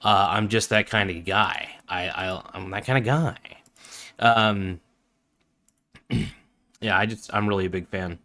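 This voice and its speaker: A man's voice: fairly low pitch, fairly even intonation, slow pace, pauses often, bright, forceful tone. A man hosting a live-streamed phone review, talking casually with lots of fillers, restarts and enthusiastic asides. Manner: enthusiastic fan, easily impressed.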